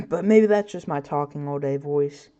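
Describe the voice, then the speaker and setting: A woman's voice: deep voice, measured pace, warm tone, highs cut off. A woman hosting her own podcast, chatting casually with lots of fillers, her voice a bit scratchy. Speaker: podcast host. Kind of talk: casual solo podcast chat.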